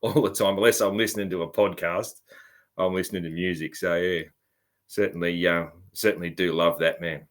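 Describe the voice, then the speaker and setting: A man's voice: low-pitched, fairly even intonation, brisk. A middle-aged Australian man hosting a podcast interview in an easygoing, rambling way. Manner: rambling and easygoing, often calling the guest "man". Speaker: podcast host. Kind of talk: casual interview chat.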